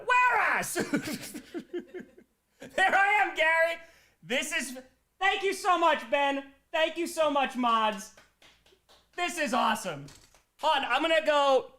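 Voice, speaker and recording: A man hosting a casual live stream, excitedly reading chat messages and thanking viewers. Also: very high-pitched. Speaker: streamer host.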